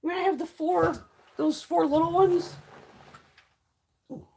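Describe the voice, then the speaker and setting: A woman's voice: very high voice, fairly even intonation, measured pace, vocal fry, a little mellow, a little hiss or hum. A woman hosting a casual beauty livestream, giving blunt, heavily profane opinions in a chatty, rambling way. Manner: chatty, rambling with frequent restarts. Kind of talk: casual livestream chat, reading viewer comments.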